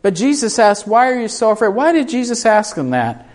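Man preaching a lively, questioning sermon. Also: sits high, a little fast. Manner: asks the congregation questions, acts out quoted voices; shifts between hushed and raised delivery. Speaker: pastor.

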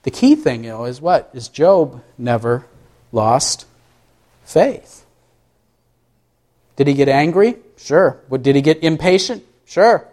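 A man preaching a sermon, asking his listeners questions and answering them himself, swinging up high and loud for emphasis. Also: big pitch swings, slow pace, long pauses. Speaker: pastor.

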